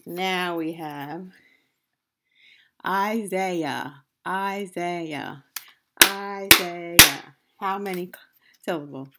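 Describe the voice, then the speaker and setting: A woman teaching young children, repeating words slowly and spelling them out syllable by syllable with steady encouragement. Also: on the low side. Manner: slow, drawn-out syllable-by-syllable repeating of names, encouraging. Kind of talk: online class lesson for young children. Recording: loud steady background noise with clicks.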